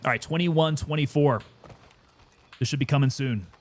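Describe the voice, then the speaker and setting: Relaxed male streamer, slightly higher voice. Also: normal speed. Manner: relaxed, chatty, sometimes winded. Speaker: gaming streamer. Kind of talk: casual gameplay commentary.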